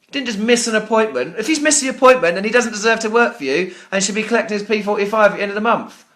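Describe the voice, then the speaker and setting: A man's voice: high-pitched, expressive, fast, a bit bright. A British man making an angry complaint on a phone call to customer service, ranting sarcastically, swearing and stammering over repeated words. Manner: swears often. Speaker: business owner calling customer service.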